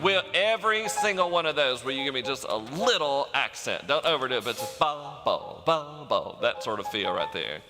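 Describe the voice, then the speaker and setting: A man's voice: mid-range voice, big pitch swings, a little fast, hardly any pauses. A man leading an orchestra rehearsal, upbeat, scatting rhythms and counting the players in. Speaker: music director leading rehearsal. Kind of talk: rehearsal instructions. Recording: long hall reverb, faint music behind.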